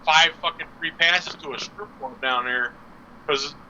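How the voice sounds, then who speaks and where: A man's voice: on the high side, measured pace, sharp tone, dull audio, slight background noise. A man co-hosting a live stream show, telling crude stories with a lot of swearing and laughter. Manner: profane, laughing, storytelling. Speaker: co-host. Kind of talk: crude casual chat.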